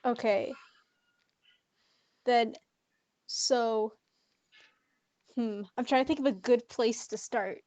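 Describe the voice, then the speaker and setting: A woman with a somewhat high voice chats as a player in a tabletop game, pausing to plan her moves. The recording is dry and close, with no room sound. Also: steady tone, darkish tone, no room sound. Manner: hesitant, chatty. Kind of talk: casual tabletop game play.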